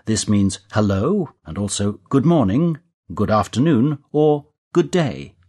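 A man presenting a scripted language course, giving clear instructions. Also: lowish voice, sing-song, unhurried, mellow. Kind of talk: scripted language-lesson narration.

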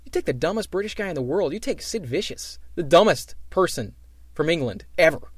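A man's voice: fairly high pitch, animated, brisk, husky, no room sound, clean studio sound. A man co-hosting a casual chat, talking in a rambling, reflective way with many restarts. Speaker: podcast co-host.

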